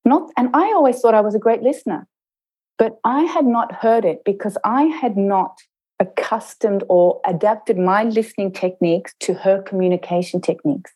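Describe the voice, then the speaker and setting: A middle-aged woman, an intercultural trainer, telling a personal story in a reflective interview and slowing down to stress her points. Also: mid-range voice, dark tone, husky, low-quality recording. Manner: measured, slows down to stress points.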